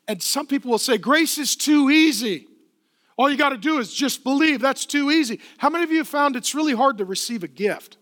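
A male pastor in middle age preaches with a strikingly high, bright voice. He tells stories like conversation and hammers points with repeated phrases and questions to the crowd. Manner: conversational storytelling, retelling dialogues; emphatic repetition, rhetorical questions. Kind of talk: sermon.

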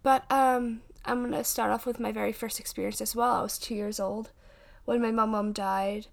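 Chatty young woman with a gravelly edge. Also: a little high, fairly even intonation, normal speed. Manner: chatty, rambling, frequent fillers and restarts. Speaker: podcast host and paranormal investigator. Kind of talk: casual podcast chat. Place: home.

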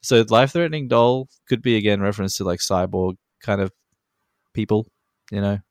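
A man's voice: on the low side, steady tone, moderate pace, darkish tone, no room sound, clean studio sound. A man co-hosting a podcast in casual, loose chat, swearing freely, with lots of ums and chuckles. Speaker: podcast co-host.

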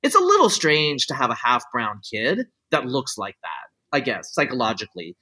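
Heard on poor audio, a middle-aged man with a mid-range voice speaks at a moderate pace while his pitch swoops wildly; his tone is sharp and a little breathy. In casual talk he explains his opinions at length, circling through restarts and frequent "like" and "you know."

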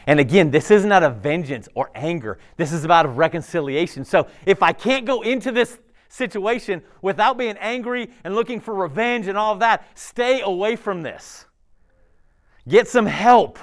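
A man preaching a sermon as a pastor, conversational and animated, with laughs and asides. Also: high-pitched, normal speed.

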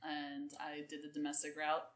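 A woman's voice: deep voice, monotone, moderate pace, roomy sound. A woman co-hosting a podcast, chatting casually and rambling with many ums and restarts. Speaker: podcast co-host. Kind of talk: casual chat.

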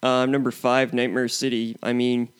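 A man co-hosting a movie podcast, giving prepared points and show plugs in a steady way. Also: medium pitch, moderate pace, clear, resonant tone. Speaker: podcast co-host. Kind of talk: casual movie review chat.

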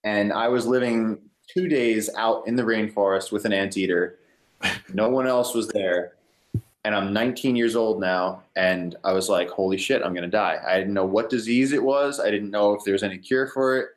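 A young man casually telling a story in an interview, rambling and relaxed, with many "like" fillers. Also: lowish voice, moderate pace. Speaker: guest, ecotourism company owner.

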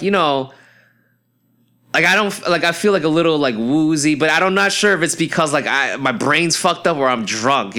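A young man tells a story on his podcast, rambling and swearing, with fillers and restarts at every turn. His voice is bright and forceful, at an ordinary pitch for a man. When he quotes his friends, he jumps up into excited high yelps. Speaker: podcast host. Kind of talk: casual storytelling monologue.

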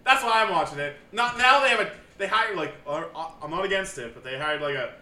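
A man's voice: high voice, animated, fast, pushed and bright. A young man co-hosting a wrestling podcast, chatting casually and rambling, swearing and laughing often. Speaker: podcast co-host. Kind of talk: casual banter. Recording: roomy echo, faint background noise.

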